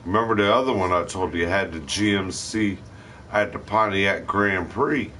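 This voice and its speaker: A man's voice: deep voice, normal speed, pushed and bright, slight background noise. A middle-aged man hosting a live stream, telling rambling, profane stories in casual chat. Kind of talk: casual storytelling.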